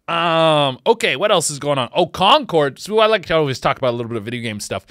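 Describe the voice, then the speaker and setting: A man hosting a comedy podcast, rambling casually and swinging between loud outbursts and quiet mutters. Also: a little high, sing-song, fast, few pauses, no room sound, clean studio sound. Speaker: podcast host.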